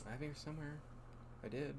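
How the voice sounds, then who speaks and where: A man's voice: fairly high pitch, fast, very noisy. Joking man chatting on a live stream. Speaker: co-host. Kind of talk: casual live-stream chat.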